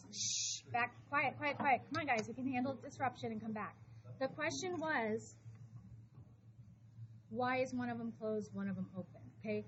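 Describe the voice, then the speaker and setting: A woman teaching math to a high school class, talking briskly and calling students back to attention. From Florida. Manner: brisk, shushing, calls for attention. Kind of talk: classroom lesson. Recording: dull classroom recording with noise.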